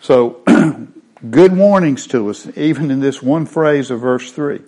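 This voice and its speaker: A man's voice: mid-range voice, animated, slow, warm tone. Man teaching a sermon on Hebrew words. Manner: explains Hebrew word meanings step by step. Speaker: Bible teacher.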